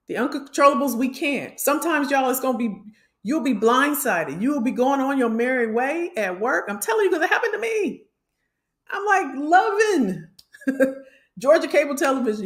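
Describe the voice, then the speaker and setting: A woman's voice: high voice, roomy sound. A middle-aged woman from Illinois, a career coach talking passionately to her livestream viewers and calling them y'all. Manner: passionate, preachy, addresses the audience as y'all.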